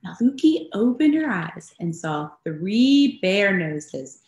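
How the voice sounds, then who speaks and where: A woman pastor reads a picture book aloud to children at a slow, gentle pace. She is animated and often stops to ask her young listeners questions. The voice echoes in a roomy space. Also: medium pitch. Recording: roomy echo.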